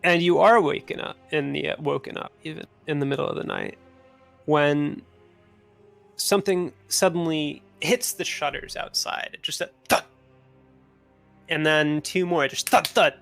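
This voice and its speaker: A man narrating a tabletop game as game master, in a relaxed, unhurried way with many fillers. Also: on the high side, gravelly, faint music behind.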